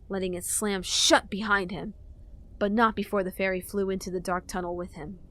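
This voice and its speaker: A woman reading fan-fiction narration for an audiobook in a steady storytelling manner. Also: mid-range voice.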